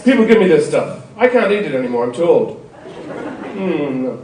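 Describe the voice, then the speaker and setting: A middle-aged comedian rambles wryly through a stand-up set, his fairly high voice breaking into loud bursts now and then. He sounds roomy and a bit distant, picked up across a big hall with noise behind him. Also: sing-song, normal speed, over a noisy crowd. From Ireland. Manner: rambling, wry, with sudden loud outbursts. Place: large concert hall before an audience.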